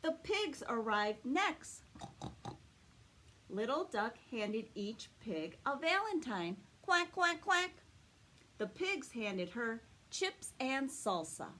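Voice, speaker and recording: Lively, slow-reading children's librarian woman. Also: a little high. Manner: animated and expressive, asks children questions. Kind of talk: story time read-aloud for children.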